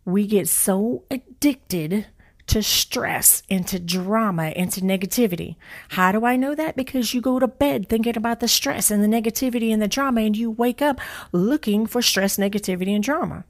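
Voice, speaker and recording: A woman's voice: on the high side, a little fast. Blunt, emphatic woman giving a pep talk. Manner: blunt, emphatic, repeats key phrases, casual swearing. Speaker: motivational speaker and author. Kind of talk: motivational talk to an audience.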